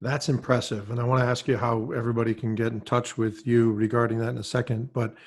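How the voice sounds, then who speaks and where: Flat-voiced male podcast host. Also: medium pitch, fast. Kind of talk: interview conversation.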